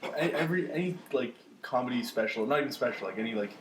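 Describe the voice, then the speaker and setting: A man's voice: medium pitch, lively intonation, fast. A young man co-hosting a podcast, chatting casually and chiming in agreeably. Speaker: podcast co-host. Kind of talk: casual chat. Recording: very noisy recording.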